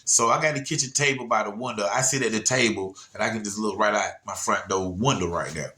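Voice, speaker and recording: A man's voice: lowish voice, fast, pushed and bright. A man telling a story casually to viewers, rambling and laid-back, often checking in with "you know what I'm saying". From Atlanta area, USA.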